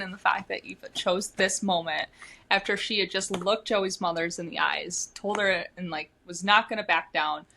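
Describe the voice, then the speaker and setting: Bright-voiced woman reading and discussing a book. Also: mid-range voice, poor audio. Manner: animated, reads book passages aloud between commentary. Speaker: podcast co-host. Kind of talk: casual book discussion with read-aloud passages.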